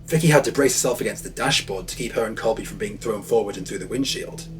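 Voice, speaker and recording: A man's voice: fairly low pitch, fast talker. A man giving scripted, dramatic narration for an audio documentary, telling the story vividly. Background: faint music.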